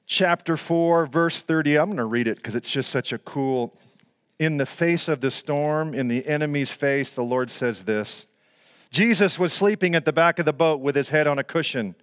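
A pastor in his sixties with a mid-range voice preaches a sermon. He swings from loud, excited storytelling to hushed, almost whispered moments, tossing in casual, slangy asides.

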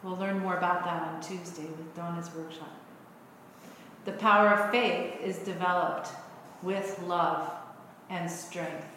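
Slow-speaking woman minister in an echoey hall. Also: lowish voice, fairly even intonation, a bit bright, a little hiss or hum. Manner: storytelling, unhurried. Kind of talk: sermon.

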